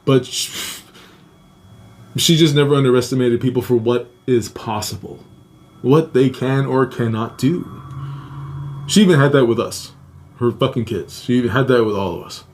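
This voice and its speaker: A man's voice: mid-range voice, moderate pace, long pauses, a little mellow. A young adult man hosting a podcast, telling a personal story in a casual, profane way, laughing often and acting out quotes in a raised voice. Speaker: podcast host.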